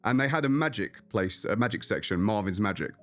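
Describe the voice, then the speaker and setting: A man who is a magician, telling anecdotes in a casual interview, animated and chatty. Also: lowish voice, fairly quick, faint music behind. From England. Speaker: magician guest.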